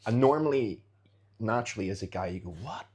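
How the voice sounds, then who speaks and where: Low husky man, casual guest. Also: fast. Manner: animated storyteller, acts out street scenarios. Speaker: podcast guest, jiu-jitsu fighter. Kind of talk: casual interview chat.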